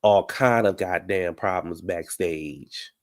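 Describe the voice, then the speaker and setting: A man giving brash, profane reality TV recap commentary, heated and animated. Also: deep voice, slow.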